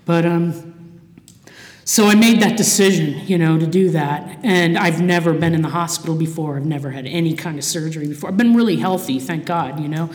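Low-ish voice, salty and candid, sharing a story at a podium in a big echoey hall. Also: female voice, fairly quick, darkish tone. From Ohio, Cleveland area. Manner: candid and profane, with frequent fillers and restarts. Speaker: speaker at a recovery meeting. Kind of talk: personal testimony from a podium. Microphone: podium microphone.

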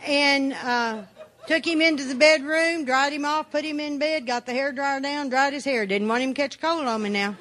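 A woman's voice: high voice, moderate pace, a bit bright, a little hiss or hum. A woman giving a personal testimony talk, telling her story bluntly and plainly with dry humor. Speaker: speaker sharing her recovery story.

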